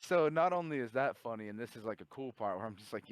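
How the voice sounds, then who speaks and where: A man's voice: medium pitch, expressive, fast, hardly any pauses, smooth, no echo. A man co-hosting a podcast, telling a story in laid-back chat and acting out both sides of the dialogue. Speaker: podcast co-host. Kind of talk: casual chat.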